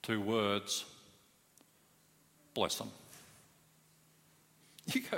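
Pastor guy preaching, bright edgy voice, big hall echo. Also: medium pitch, animated, measured pace. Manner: earnest, emphatic, rising to stress key words. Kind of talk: sermon. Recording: hall reverb.

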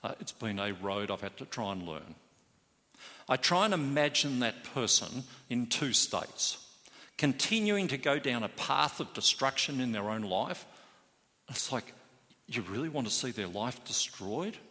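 A man's voice: mid-range voice, sing-song, measured pace, pushed and bright. A man preaching a sermon as pastor, earnest and emphatic, stressing key words. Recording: hall reverb.

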